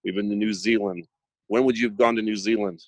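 A man's voice: lowish voice, fast, no echo. A man chatting casually, telling anecdotes and acting out the dialogue. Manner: animated storyteller, acts out dialogue. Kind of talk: casual chat.

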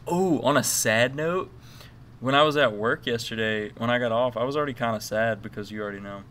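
A man's voice: mid-range voice, brisk, fairly bright tone, slight background noise. Rambling young man telling crude stories. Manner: rambling storyteller, crude joking, lots of fillers. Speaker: podcast co-host. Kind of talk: casual chat.

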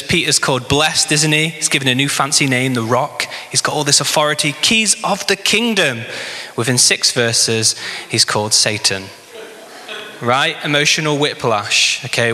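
A man's voice: mid-range voice, pushed and bright. A man preaching a sermon in a conversational way, with many rhetorical questions. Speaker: pastor. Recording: long reverb in a hall.

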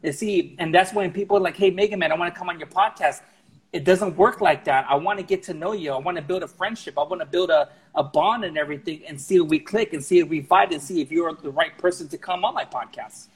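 Earnest man with a husky voice. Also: on the high side, fast talker, hardly any pauses, rough recording. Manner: earnest, heartfelt, frank. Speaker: podcast guest. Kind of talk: casual conversation.

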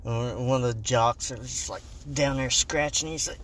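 A man co-hosting a podcast, chatting casually and joking around, sometimes breaking into loud goofy voices. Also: medium pitch, moderate pace, slight background noise. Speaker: podcast co-host.

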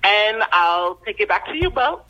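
A woman in her thirties with a Caribbean patois-tinged accent, a singer-songwriter and student, speaking calmly and self-assuredly as a podcast guest over the phone. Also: medium pitch, normal speed. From Haitian descent. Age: 30s. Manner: calm, explanatory and self-assured. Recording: dull phone-line recording.

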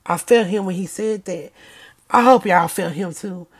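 A woman chatting casually to her viewers and reading aloud from a book, emphatic, repeating herself and stuttering when she gets excited. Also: mid-range voice, moderate pace, breathy edge.

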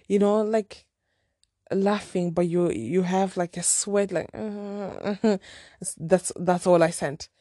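A woman's voice: fairly low pitch, dark tone, no echo, clean studio sound. A woman from Zimbabwe telling a story in casual vlog chat, frank and rambling with lots of fillers. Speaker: vlogger.

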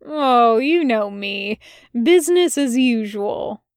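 Sardonic male demon, drawling and teasing, read by a woman, dry close sound, slightly high. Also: animated, slow pace, clear, resonant tone, no room sound. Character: wry sardonic male demon, laid-back.

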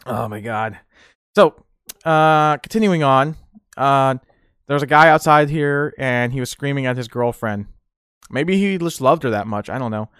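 A man's voice: mid-range voice, expressive, moderate pace, fairly bright tone, clear, resonant tone, dry recording, clean studio sound. A man hosting a casual podcast, rambling through memories with frequent laughter. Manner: rambling, laughs often, many fillers. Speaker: streamer podcast host. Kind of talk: casual nostalgic chat.

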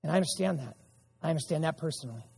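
High husky-voiced preacher in a reverberant hall. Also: male voice, expressive, rapid-fire, darkish tone. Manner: emphatic preaching with repeated audience call-and-response. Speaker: pastor. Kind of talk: sermon. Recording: church sanctuary with long reverb.

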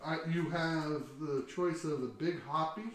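A man with a slightly higher voice hosts a relaxed podcast chat. He teases his co-host and often stumbles and restarts his sentences. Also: a little slow, noisy background. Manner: teasing, hesitant, restarts sentences. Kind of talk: casual chat.

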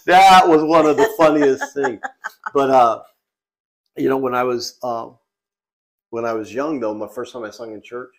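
A man co-hosting a family podcast, telling funny stories in a lively, casual way and often cracking up as he talks. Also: medium pitch, normal speed, pauses often. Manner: animated storyteller who breaks into laughter. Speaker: podcast co-host.

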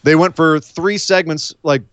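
A man co-hosting a casual wrestling chat podcast, animated and joking. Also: on the high side, measured pace, clean tone, no echo. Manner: animated, mocks wrestlers in silly voices.

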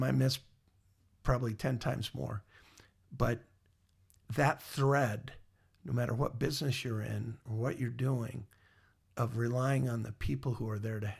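A middle-aged man speaking as an interview guest, winding through anecdotes and reflections in a rambling manner. His voice is gravelly with a husky, slightly breathy grain. He talks at an ordinary, conversational pitch. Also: a little mellow. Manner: rambling, storytelling. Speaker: guest, former mall marketer.

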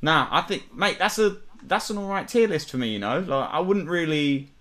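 A young man hosting a podcast, chatting casually and relaxed with plenty of slang. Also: a little high, moderate pace. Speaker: podcast co-host. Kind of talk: casual chat. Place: home, remote call.

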